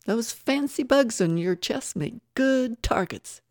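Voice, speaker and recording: A woman narrator voicing a brash, spoiled young woman who yells insults at an old lady. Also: normal speed, dry recording, studio quality, lightly acted. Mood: shrill yelling. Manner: shrill, yelling and insulting.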